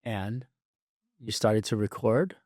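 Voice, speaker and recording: A man's voice: fairly low pitch, takes it slowly, darkish tone, no echo, studio quality. A man interviewing a friend, asking short questions and reacting with encouraging remarks. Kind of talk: conversational interview.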